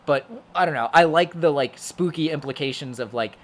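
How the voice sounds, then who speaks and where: A man's voice: fairly high pitch, normal speed. A young man co-hosting a podcast, chatting casually about a horror movie in a rambling, filler-heavy way with plenty of swearing. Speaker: podcast co-host. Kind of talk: casual movie review chat.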